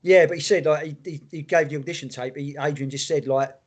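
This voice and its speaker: A man, co-hosting a casual music podcast in a relaxed, rambling way with casual swearing. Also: fairly high pitch, quick pace. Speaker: podcast co-host. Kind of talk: casual chat about music.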